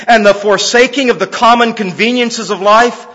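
A man preaching a sermon as pastor, moving from quiet pleading to loud, impassioned exclamations. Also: extremely high pitch, steady tone, moderate pace, hardly any pauses, big-room sound, muffled recording.

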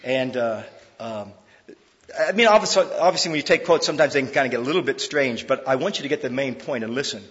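A man preaching a sermon in an emphatic, conversational way, swinging between loud, pressing lines and hushed ones, with frequent fillers. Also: mid-range voice, expressive, fast talker, long reverb tail, muffled recording. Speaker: pastor.

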